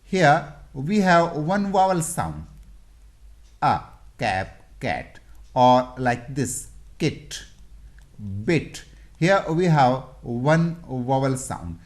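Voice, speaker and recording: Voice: mid-range voice, big pitch swings, extremely slow. An English teacher giving an explanatory lesson, repeating and sounding out example words.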